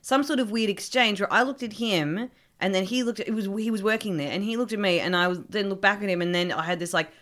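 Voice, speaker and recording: Young woman, mid-pitched voice, dry storytelling, casual chat. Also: quick pace, few pauses. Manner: wry deadpan anecdotes with laughs.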